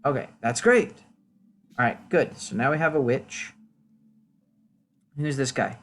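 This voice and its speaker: A man's voice: mid-range voice, unhurried, pauses often, fairly bright tone. A man giving casual, chatty commentary while playing a game, poking fun at himself. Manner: chatty, self-deprecating. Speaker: let's play host.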